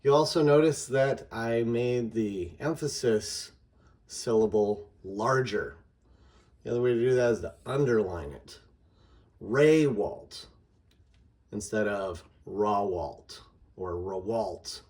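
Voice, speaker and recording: A middle-aged male teacher gives an instructional explanation, speaking slowly and deliberately as he guides listeners through a lesson. His voice is calm and of ordinary pitch, and he stretches out example words to sound them out.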